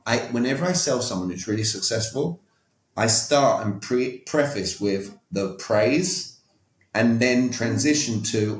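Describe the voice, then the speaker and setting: A man's voice: medium pitch, lively intonation, a little slow, roomy sound. A man being interviewed as a podcast guest, who talks in an emphatic, coaching way and keeps checking that the listener follows. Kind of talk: conversational interview.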